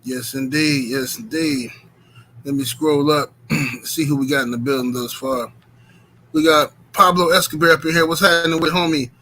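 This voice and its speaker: Bright, upbeat man hosting a live stream. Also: fairly high pitch, moderate pace, slight background noise. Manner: hypes the chat, shouts out viewers by name; relaxed with many fillers. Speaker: host of a boxing talk stream. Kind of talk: casual live-stream chat.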